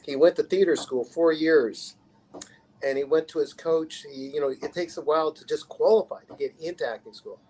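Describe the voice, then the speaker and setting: A man from Canada with a Canadian accent, chatting casually and rambling, his lines trailing off quietly at the end. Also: a little high, moderate pace, rough recording. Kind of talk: casual livestream chat.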